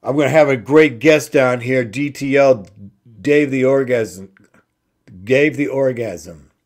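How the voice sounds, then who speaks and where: A man hosting an inspirational talk show, slowly repeating simple phrases with emphasis. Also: medium pitch. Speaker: host.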